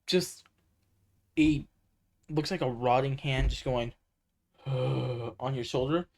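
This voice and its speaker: A man streaming and reacting casually, talking in an excitable, rambling way full of fillers. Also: medium pitch, slow pace, creaky. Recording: noisy home mic.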